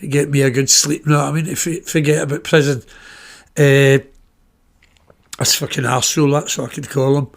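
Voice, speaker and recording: Medium-pitched and gravelly, this middle-aged man speaks at normal speed in a level tone, leaving long pauses. A podcast host from Glasgow, Scotland with a Glaswegian accent, he tells personal anecdotes bluntly, cursing freely and acting out quoted exchanges.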